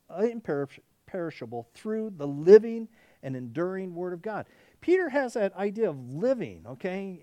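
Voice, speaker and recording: Male pastor preaching, lively swooping voice, chatty, keeps saying okay, dry close sound. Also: high-pitched, dry recording. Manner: animated, conversational, frequent restarts and "okay?". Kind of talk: sermon.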